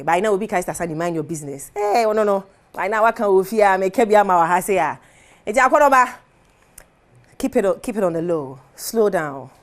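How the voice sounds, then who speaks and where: Animated Ghanaian woman TV host. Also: medium pitch. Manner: animated, code-switching, laughing. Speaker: TV show host. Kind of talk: casual entertainment commentary. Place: TV studio.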